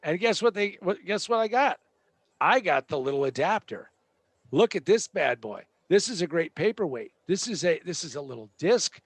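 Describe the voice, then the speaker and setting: A man's voice: sits high, big pitch swings, moderate pace, breathy edge, no room sound. A man hosting a show, delivering a joking, sarcastic tech rant with a rambling manner. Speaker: host.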